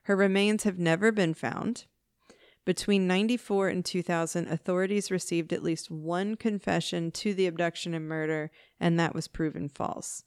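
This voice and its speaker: A woman's voice: lowish voice, fairly even intonation, moderate pace, a little mellow, clean tone, no room sound, clean studio sound. A woman hosting a podcast, telling a true-crime case in a casual, chatty way with wry asides and swearing. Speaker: podcast host.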